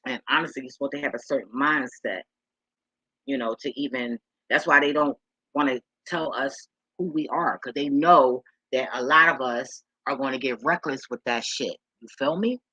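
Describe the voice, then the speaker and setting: A woman's voice: extremely low pitch, moderate pace, sharp tone, slightly rough, no echo, lo-fi sound. A woman vlogger talking loosely and profanely to her viewers, rambling with many restarts and addressing them as y'all. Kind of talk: casual rambling monologue to viewers.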